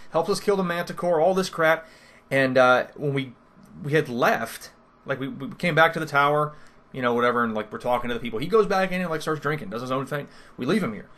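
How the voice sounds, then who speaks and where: A man's voice: on the high side, a bit bright. Rambling man recapping a game session. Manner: rambling, self-interrupting, lots of fillers. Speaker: first-time game master recapping a campaign. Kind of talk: casual storytelling recap.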